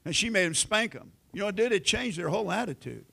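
A middle-aged American pastor preaching a sermon in a folksy storytelling way, acting out family conversations. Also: male voice, high voice, animated, fast talker, creaky, sharp tone, husky. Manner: folksy storytelling, acts out quoted family lines.

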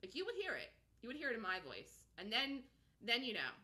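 A woman's voice: a little high, huge pitch swings, fairly quick, sharp tone. A woman hosting a live stock market show, talking emphatically, repeating herself, and answering viewers' chat. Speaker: stock trading show host.

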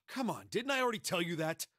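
A man's voice: sits high, expressive, brisk, a bit bright, dry recording, studio quality. An actor voicing an impatient young man in a video game who explains his plan with exasperation. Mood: explaining. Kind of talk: voiced game dialogue. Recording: game audio under music.

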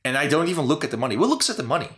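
A man's voice: fairly high pitch, sing-song, very fast, a bit bright. A young man hosting a casual chat about game design, rambling and exasperated, with frequent swearing. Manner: rambling, profane, exasperated ranting. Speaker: host.

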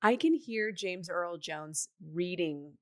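A woman's voice: on the low side, expressive, takes it slowly, dry recording, clean studio sound. A woman in her thirties co-hosting a casual chat, rambling with fillers and restarts. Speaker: podcast co-host.

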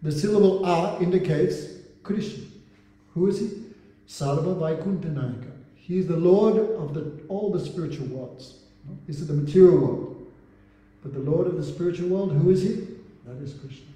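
Male spiritual teacher, slightly high but very mellow dark tone, recites verses, big hall reverb. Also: moderate pace. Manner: recites Sanskrit verses and translates them, asks rhetorical questions. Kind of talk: religious class lecture. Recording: very echoey hall with long reverb.

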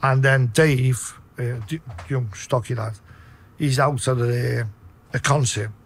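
Husky Liverpool man swearing through stories. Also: medium pitch, slow. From Liverpool, England. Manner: profane, animated anecdotes. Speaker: interviewee telling stories. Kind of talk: casual storytelling.

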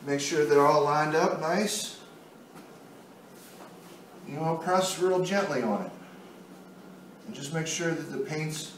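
A man walking through a painting demonstration step by step, in an easygoing way while he works. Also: on the high side. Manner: easygoing, talks while working. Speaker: art instructor. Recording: very echoey room, mic far off, faint noise.

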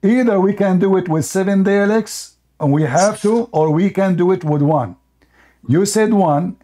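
A man hosting a heated online debate, mocking and combative, firing off points in rapid succession. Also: sits high, dark tone. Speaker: debate host.

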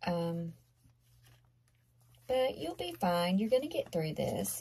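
A woman giving a tarot card reading to viewers, talking earnestly and conversationally, often dropping into soft half-whispers. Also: fairly low pitch, very animated, takes it slowly, slight background noise. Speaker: tarot reader.

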